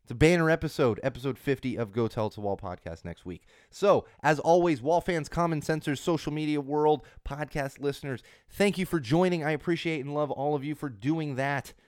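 A man in his thirties with a hoarse voice from a cold, hosting a podcast in a casual, rambling monologue with lots of restarts and emphatic repeats. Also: a little high, brisk, few pauses, a little mellow, no room sound, studio quality. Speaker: podcast host.

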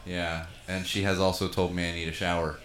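A man's voice: deep voice, little pitch movement, fairly quick, a bit bright. A man in his thirties hosting a casual podcast chat, rambling, self-deprecating and laughing often. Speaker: podcast host. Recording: echoey room.

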